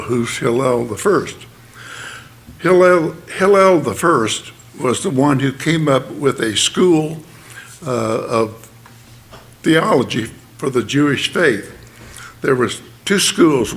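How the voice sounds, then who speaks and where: Slow, halting male church speaker. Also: mid-range voice. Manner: slow, halting, with many fillers and restarts; explanatory, plain teaching tone. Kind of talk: sermon.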